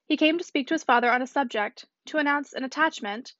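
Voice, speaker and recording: A woman voicing a gentle, agitated lady friend with a trembling voice, in a storybook reading. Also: sits high, fast talker, dry recording, highs cut off. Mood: nervous.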